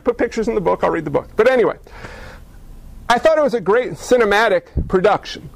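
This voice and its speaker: A male pastor preaching a sermon, lively and full of rhetorical questions and wry asides. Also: high voice, creaky.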